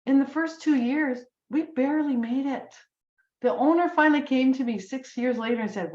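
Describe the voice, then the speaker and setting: A woman's voice: high voice, moderate pace, darkish tone, reverberant, lo-fi sound. A woman in her sixties giving an urging motivational talk, repeating phrases for emphasis. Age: 60s. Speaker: business team leader. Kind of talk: motivational speech on a group call.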